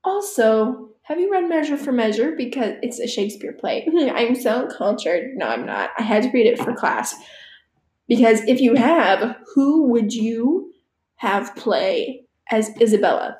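A teenage girl rambles through a casual solo chat, slow and unhurried, with a lively, swooping delivery. She swears freely and drops laughing asides. Her voice bounces around a roomy, echoey space. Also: a little high. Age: teens. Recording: echoey room.

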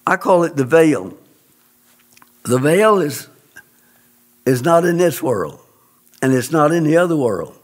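Man, testimony, earnest, emphatic, preacherly, higher pitch. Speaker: guest telling a testimony. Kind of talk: personal testimony in an interview.

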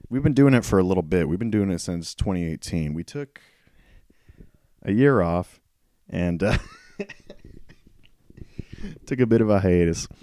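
A young man in his twenties rambles through a casual solo podcast with a very low, mellow voice. He mocks himself and swears freely, and a cough keeps cracking his voice. The sound is dry and close. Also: animated, normal speed, no room sound. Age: 20s. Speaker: podcast host.

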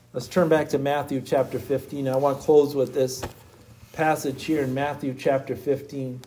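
A man preaching a sermon in an emphatic, repetitive cadence, slowing down to read scripture aloud. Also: a little high, dark tone.

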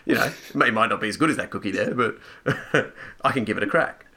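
A man's voice: lowish voice, a little fast, bright, forceful tone, slight background noise. A man hosting a podcast in casual chat, teasing, enthusiastic and often laughing.

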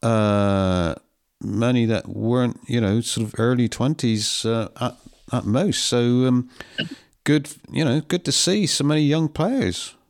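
Male co-host, mid pitch, measured and plain-spoken. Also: darkish tone. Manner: measured, plain match report. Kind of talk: casual football chat.

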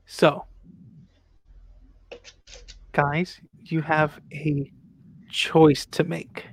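A man's voice: on the high side, level tone, vocal fry, a little hiss or hum. Rambling man narrating a role-play game. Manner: rambling, halting with fillers. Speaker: game master.

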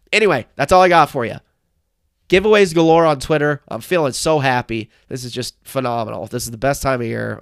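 A young man hosting a solo sports podcast, recapping a game in emphatic, excitable fan talk into a close mic. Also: mid-range voice, creaky, no room sound. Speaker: podcast host.

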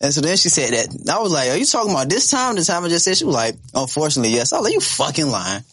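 Animated husky man in his twenties. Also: a little high, very fast. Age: 20s. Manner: animated storytelling, swearing, laughs. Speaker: podcast co-host. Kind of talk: casual chat.

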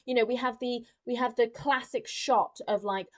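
A woman's voice: fairly high pitch, steady tone, moderate pace. A woman ranting in casual chat as a podcast co-host, swearing freely and acting out the characters she complains about. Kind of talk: casual film review chat.

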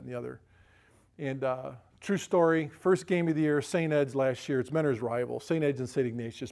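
A man's voice: mid-range voice, creaky, a little mellow. A middle-aged man, a pastor, telling stories in a folksy, chatty sermon with frequent asides to the congregation. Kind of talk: sermon storytelling.

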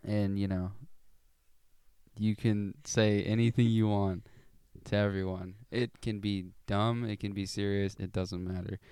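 A man's voice: on the low side, level tone, measured pace, mellow, clear, resonant tone, dry recording. A young man co-hosting a casual youth podcast, asking questions in a hesitant, filler-heavy way. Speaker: co-host.

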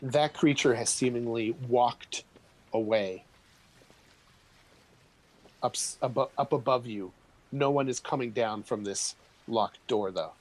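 A man narrates a tabletop game as its game master. His voice sits in an ordinary middle pitch, and he describes each scene with easy, relaxed humor, calling for rolls between descriptions. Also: takes it slowly, long pauses, low-quality recording.

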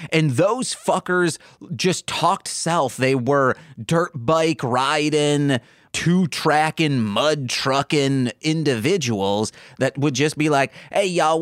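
Lively, slow-talking podcast guy. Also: medium pitch, no room sound, clean studio sound. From Michigan. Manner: animated, jokey, does mocking voices. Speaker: podcast co-host. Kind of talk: casual chat.

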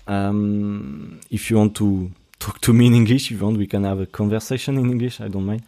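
A man's voice: fairly low pitch, fairly even intonation, a little fast, warm tone. A young man from Brittany with a French accent, hosting a casual solo podcast and talking with many restarts and fillers. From Brittany, France. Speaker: podcast host.

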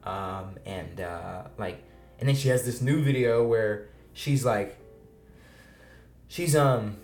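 A man's voice: on the low side, slow pace, darkish tone. Podcast co-host, male, rambling casual talker, cursing; roomy echo, faint music under. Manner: rambling, restarts often, swears casually. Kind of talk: casual chat.

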